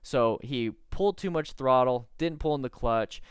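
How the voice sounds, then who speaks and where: Smooth-voiced man coaching riders. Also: mid-range voice, lively intonation, moderate pace, no room sound, clean studio sound. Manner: earnest, instructive, stifling laughter. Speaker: motorcycle riding coach. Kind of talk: casual video commentary.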